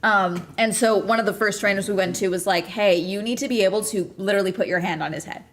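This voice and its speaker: A young adult woman streaming and chatting casually, telling stories in a profane, animated way with many restarts. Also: medium pitch, quick pace. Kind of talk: casual livestream chat.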